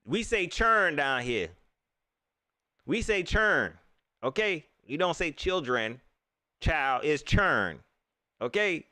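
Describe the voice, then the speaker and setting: Hosting a laid-back live-stream chat, a Southern US man laughs easily and talks animatedly, his pitch rising when something riles him. The sound is dry and clean, like a studio.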